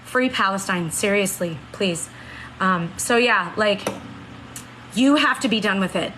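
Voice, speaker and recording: A woman's voice: medium pitch, unhurried, bright, forceful tone, a little hiss or hum, low-quality recording. A woman in her late thirties chatting earnestly on a live stream, reading out and answering viewer comments. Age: 30s. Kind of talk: casual live-stream chat.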